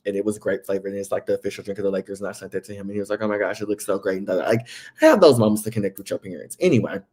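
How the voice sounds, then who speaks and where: A young man from Southeast Texas, chatting through a casual reality TV recap as host, jumping up high for quoted voices. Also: rapid-fire. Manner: chatty, animated, jumps to high acted quotes. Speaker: podcast host.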